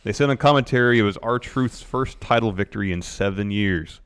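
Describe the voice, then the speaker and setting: A man co-hosting a podcast, recapping matches in a steady, plain way with short agreements. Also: fairly low pitch, moderate pace, clean tone. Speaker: podcast co-host. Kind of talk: casual wrestling recap chat.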